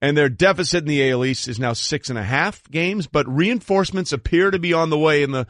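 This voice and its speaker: A man's voice: a little high, brisk, fairly bright tone, no echo, studio quality. A man co-hosting a sports radio show, chatting casually and joking at his own expense. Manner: conversational, self-deprecating. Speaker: radio co-host.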